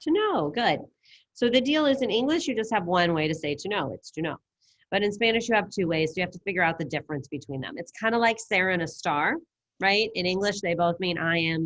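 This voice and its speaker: Her voice is on the low side, a little fast and fairly bright as she runs a casual, upbeat Spanish class on a video call, quizzing students. She's on a computer mic, and there's no echo.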